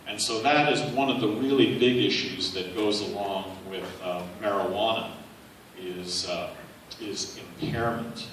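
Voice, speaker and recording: A man's voice: fairly low pitch, a little slow, fairly bright tone, distant mic, a little hiss or hum. A man giving a public campaign speech in a conversational, anecdotal way, with frequent "uh" fillers. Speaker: political speaker. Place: large university hall. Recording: echoey hall, picked up from afar.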